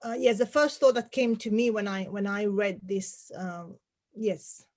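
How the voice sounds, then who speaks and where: A woman student on a video call, speaking softly and hesitantly to her teacher. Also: mid-range voice, unhurried. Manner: hesitant, soft-spoken.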